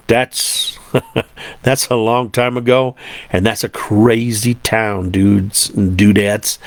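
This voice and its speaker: A man's voice: fairly low pitch, no room sound. A man hosting a podcast, telling stories in a laid-back, rambling way with lots of "man" and "dude". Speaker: podcast host. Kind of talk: casual storytelling chat.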